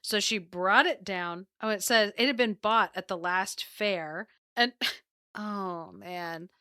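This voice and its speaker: A woman co-hosting a podcast, retelling a folktale in an animated, laughing casual chat. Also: mid-range voice, slow, smooth, dry recording, studio quality. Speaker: podcast co-host.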